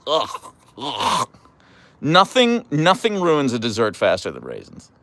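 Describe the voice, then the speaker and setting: A young man hosting a casual live stream and answering chat in a playful, animated way, with mock outrage and stammered restarts. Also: medium pitch, slow pace, no echo. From United States. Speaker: livestream host reading chat.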